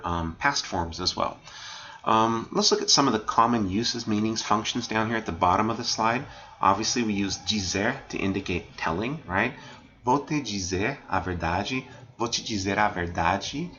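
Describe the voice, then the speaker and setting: In a muffled recording, a male language teacher goes phrase by phrase through slides, asking "right?" after almost each line. His voice sits on the low side and comes across as pushed and bright.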